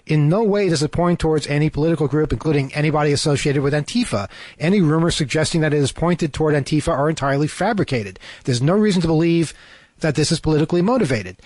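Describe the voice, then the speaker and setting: A man's voice: on the high side, quick pace, a little mellow, no room sound. A man co-hosting a talk show over a remote call, reading news items and cutting in with sarcastic asides, full of fillers and restarts. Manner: hesitant, many fillers and restarts.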